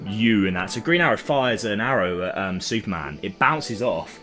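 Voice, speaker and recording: A young man chatting on a casual podcast, retelling a comic plot with lively acted-out voices. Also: on the low side, moderate pace. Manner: animated storytelling, acts out characters' lines. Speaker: podcast co-host. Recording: music playing behind.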